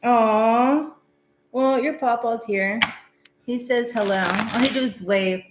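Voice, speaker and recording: A chatty woman giving a live tarot reading from home, rambling loosely and filling her sentences with "like" and "um". Her voice sits at an average pitch. The room adds a clear echo, and there is a faint hiss behind her. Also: slow. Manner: chatty, rambling, many fillers. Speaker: tarot reader hosting a live stream. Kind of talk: casual live-stream reading. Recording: echoey room.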